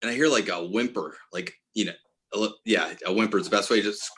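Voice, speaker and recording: His lowish voice is husky and a bit bright, and he talks fast: a forties-age apparel brand owner guesting on a podcast. Earnestly recounting a personal story, he keeps restarting and self-correcting.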